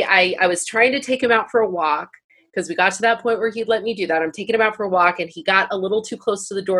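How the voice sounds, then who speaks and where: A woman hosting a casual conversation, telling animated stories and laughing freely. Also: mid-range voice, husky. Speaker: podcast host.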